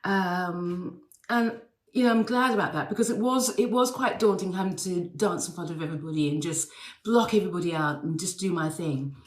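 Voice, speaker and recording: A woman's voice: lowish voice, a little fast, roomy sound. A woman with an English accent sends a recorded message, telling stories in a chatty way with many fillers and restarts. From England. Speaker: guest sending a recorded message. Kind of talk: casual recorded anecdote.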